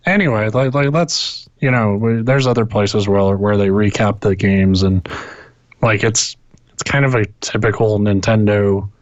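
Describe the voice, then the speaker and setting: Man, low voice, rambling casual gaming chat, lots of swearing, muffled dry call audio. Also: no room sound. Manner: rambling, swears a lot, many restarts. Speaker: podcast co-host. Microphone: internet call.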